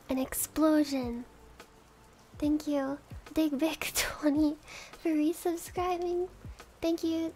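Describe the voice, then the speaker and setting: A woman streaming casual chat, giggly, thanking subscribers one by one. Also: high voice. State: has the hiccups.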